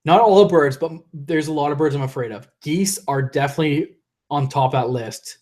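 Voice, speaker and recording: A man's voice: fairly high pitch, fairly quick, a little mellow. A young man hosting a live stream and reading viewer comments aloud. He rambles, restarts his sentences, laughs often, and is losing his voice. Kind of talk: casual live-stream chat.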